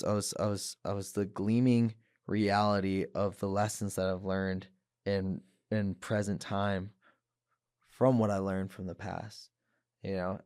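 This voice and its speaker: A man's voice: on the low side, a little mellow, smooth, dry recording, clean studio sound. A man, a professional fighter, speaks earnestly as a podcast guest and often repeats and restarts his words. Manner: earnest, repeats words, acts out voices when quoting people. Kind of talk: candid interview talk.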